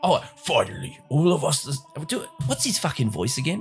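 A man's voice: on the high side, big pitch swings, fairly quick, creaky, faint music behind. A man co-hosting a let's play, bantering and joking in casual commentary.

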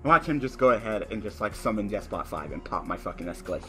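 A man's voice: animated, fast talker, few pauses, a bit bright, soft background music. A young man giving profane, frustrated commentary on his online card game, cursing at his opponent. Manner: ranting in a high, laughing voice.

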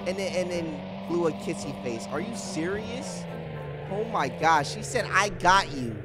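A young man commentating his gameplay, animated and slangy, reading chat lines aloud. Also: sits high, a little slow, over music. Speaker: gaming YouTuber.

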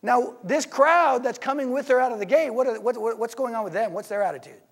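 A man preaching a sermon in church, in a conversational, animated way, often asking his listeners rhetorical questions. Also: extremely high pitch, fairly quick.

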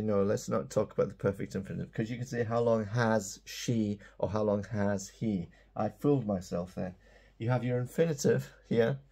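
A man's voice: lowish voice, gravelly, mellow, slightly rough. A man teaching an English grammar lesson, explaining tenses and often checking in with "okay?".

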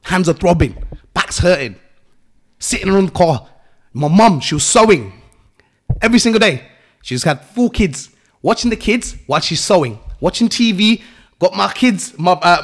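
A man's voice: high-pitched, lively intonation, normal speed. A young English man with an English accent, a guest on a podcast interview, talking bluntly with street slang and swearing, lecturing his listeners. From England. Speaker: entrepreneur guest.

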